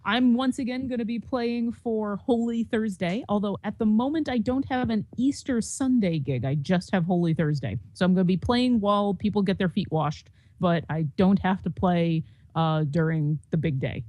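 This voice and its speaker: A woman's voice: mid-range voice, moderate pace, few pauses, dark tone, no room sound. A woman co-hosting a podcast, chatting about playing music for church services. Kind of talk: casual chat.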